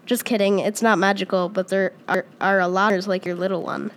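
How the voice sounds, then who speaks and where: Woman reading a story with halting restarts. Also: mid-range voice, steady tone, a little hiss or hum. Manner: halting, with frequent restarts and repeated words. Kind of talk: reading a first-person story aloud.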